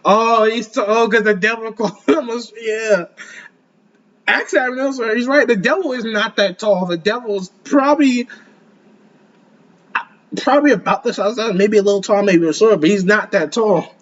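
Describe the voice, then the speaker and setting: A young man giving casual, excitable commentary as an anime reaction host, rambling and laughing often. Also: high voice, normal speed, muffled recording.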